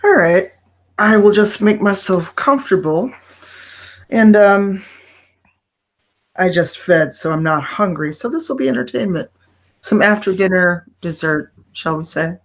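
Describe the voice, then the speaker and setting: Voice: medium pitch, expressive, a little slow, pauses often. A player speaking in character during a tabletop role-playing game, haughty and languid.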